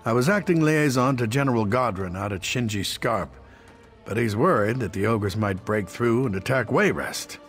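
A man's voice: mid-range voice, animated, moderate pace, soft background music, lightly acted. An actor playing a matter-of-fact male army captain in a video game, speaking in a plainspoken briefing tone.

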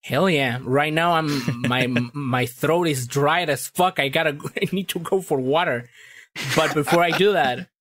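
A man's voice: on the high side, measured pace, fairly bright tone. A man who is a voice actor, chatting casually on a podcast, swearing often and breaking into laughter. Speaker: voice actor guest.

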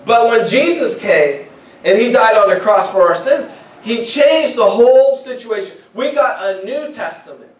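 A man's voice: extremely high pitch, animated, measured pace. A male pastor preaching a sermon in a conversational way, often repeating words as he starts a phrase. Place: church sanctuary. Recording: echoey church from far off.

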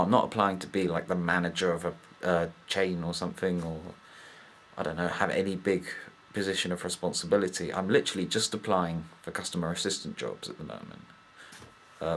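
A man's voice: deep voice, fairly even intonation, fairly quick, a little hiss or hum. A young British man in a casual vlog monologue, rambling and exasperated as he complains. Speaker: vlogger.

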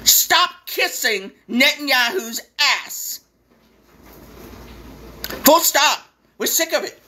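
A woman's voice: high-pitched, expressive, slow pace, sharp tone, a little hiss or hum. A woman hosting a live stream, delivering a blunt, profane and sarcastic impassioned rant.

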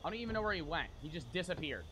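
A man's voice: fairly high pitch, big pitch swings, rapid-fire, bright, forceful tone, a little hiss or hum. A man streaming a game live, cursing in frustration and talking to his chat. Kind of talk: live gameplay commentary.

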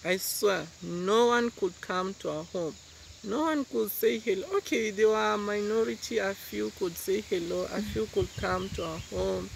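A man's voice: high-pitched, moderate pace, vocal fry. A young man from Kenya, speaking earnestly and gratefully as the interviewee in a casual outdoor chat. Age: young adult. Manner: earnest, grateful, repeats key phrases. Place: outdoors in a rural village. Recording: noisy outdoor recording.

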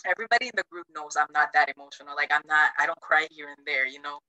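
A woman's voice: fast talker, no room sound, rough recording. A woman from Chuuk in Micronesia, telling a travel story in a casual way on a video call. She acts out the quotes with big jumps in her voice and uses a lot of "like". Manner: animated, acts out quotes with big pitch jumps, many "like" fillers.

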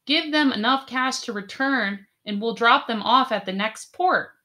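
Stern lady pirate captain, bossy clipped orders, slow and even, a woman reading her. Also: a little high, voice pushed up. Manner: curt, imperious orders. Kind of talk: audiobook character voice.

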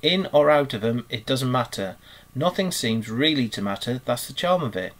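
A man's voice: mid-range voice, moderate pace. A man doing a dreamy, genial water rat. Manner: solemn and relaxed, a little dreamy.

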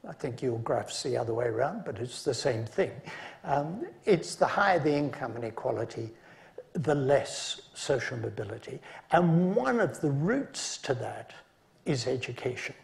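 A man giving an academic conference lecture, measured in delivery and dropping dry asides between points. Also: mid-range voice, big pitch swings, vocal fry. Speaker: conference speaker.

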